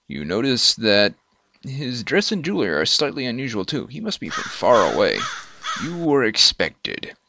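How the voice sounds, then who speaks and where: A man hosting a let's play, reading the game's text aloud and adding wry, animated asides. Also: mid-range voice, normal speed, creaky, background noise.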